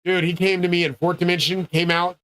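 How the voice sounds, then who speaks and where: A man's voice: high voice, level tone, brisk, sharp tone, dry recording. A man delivering a rambling solo monologue, ranting in a profane, grandiose way. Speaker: streamer.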